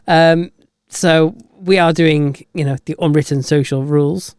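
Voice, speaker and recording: A man's voice: on the high side, steady tone, measured pace, smooth, dry recording, clean studio sound. A man co-hosting a podcast, trading wry, easygoing banter in casual chat. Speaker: podcast co-host.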